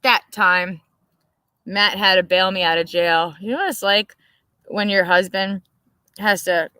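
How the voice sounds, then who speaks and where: A woman's voice: medium pitch, fairly even intonation, unhurried, bright, forceful tone, smooth, dry recording. A brash woman chatting casually on a live stream, swearing freely and laughing often. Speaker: co-host.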